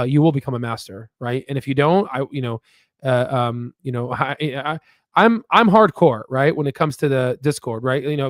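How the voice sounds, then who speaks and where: A man's voice: a little high, dry recording, clean studio sound. A man giving casual stock chart commentary, rambling with many repeated words and a pushy, motivational edge. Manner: rambling, repeats words, frequent "right?" and "you know". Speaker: stock market YouTuber.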